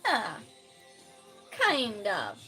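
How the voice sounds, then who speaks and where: A woman streamer chatting casually with her viewers, reading out their comments, laughing often and calling out loud greetings. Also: mid-range voice, wildly swooping pitch, drawn-out words, soft background music.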